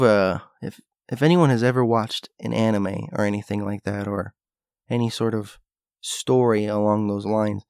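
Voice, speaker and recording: Gravelly guy thinking out loud, rambly monologue, dry sound. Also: lowish voice, no echo. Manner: musing, rambling with restarts and asides. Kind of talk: casual monologue.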